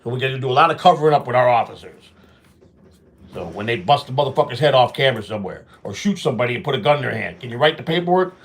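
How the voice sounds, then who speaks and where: A man's voice: mid-range voice, lively intonation, racing. A middle-aged man hosting a walk-and-talk show, telling street stories bluntly and with lots of swearing, acting out both sides of old arguments. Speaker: show host.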